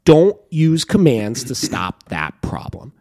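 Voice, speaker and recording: A man's voice: mid-range voice, huge pitch swings, slow, a little mellow. A young man hosting a dog training podcast, explaining emphatically in a casual way, often asking "right?" and swearing now and then.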